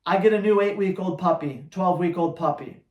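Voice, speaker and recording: Blunt, energetic man in an echoey room. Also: high voice, a little fast, highs cut off. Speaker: dog trainer. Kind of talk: live Q&A answering viewer questions.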